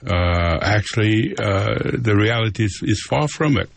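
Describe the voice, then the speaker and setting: A man's voice: on the low side, expressive, unhurried, gravelly, no room sound. A man giving a radio interview answer, hesitant and full of fillers. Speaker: interview guest.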